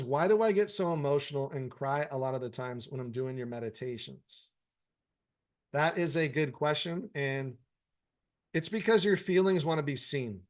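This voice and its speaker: Man, meditation teacher, informal live Q&A, blunt and profane but encouraging. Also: a little high. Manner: frank, profanity-laced, encouraging. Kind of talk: casual live Q&A, reading viewer comments.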